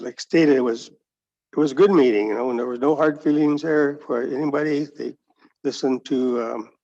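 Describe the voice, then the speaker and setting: Male council member, gravelly and halting, heard on a dull, muffled recording. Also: medium pitch, darkish tone. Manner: halting, with fillers and repeats. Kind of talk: meeting report. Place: council meeting. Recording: dull lo-fi sound.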